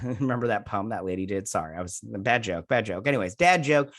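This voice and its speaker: A man's voice: fairly low pitch, expressive, brisk, a bit bright. Rambling man recapping a TV episode. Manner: rambling, retells scenes with "he's like" quotes; self-mocking jokey asides. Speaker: host. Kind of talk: casual episode recap and review.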